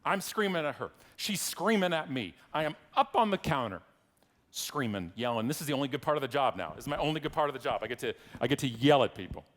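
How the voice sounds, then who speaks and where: Man, middle-aged, keynote storyteller; lively pitch, plays every character, shouts in bursts. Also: fast, in a large hall. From Canada. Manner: animated, acts out voices, loud bursts of shouting. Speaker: keynote speaker. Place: large conference hall.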